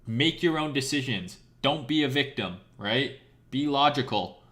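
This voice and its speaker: A hoarse man rants bluntly on a live stream, his voice worn from talking for hours. He talks to his viewers as a crypto trader in a casual, profane way and keeps checking in with "right?". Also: mid-range voice, animated, unhurried, fairly bright tone. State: losing his voice.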